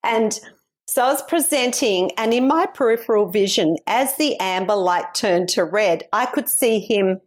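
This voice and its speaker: A woman's voice: mid-range voice, lively intonation, a little slow. A woman from Australia with an Australian accent, hosting an interview and telling stories in a chatty way, laughing often. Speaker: podcast host. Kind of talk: casual interview chat.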